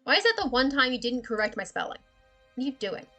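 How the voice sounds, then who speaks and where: A woman with a slightly high voice streams herself drawing, rambling loosely and laughing at her own thoughts. Her talk is loose and unscripted, thinking aloud as she works. Soft music plays faintly in the background. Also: sing-song, fast. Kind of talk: casual livestream chat while drawing.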